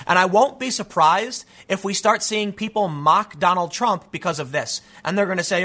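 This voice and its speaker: A man's voice: sits high, normal speed, few pauses, pushed and bright. A man hosting an opinionated solo commentary show, talking in a mocking way and often stammering repeated words. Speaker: political commentary host.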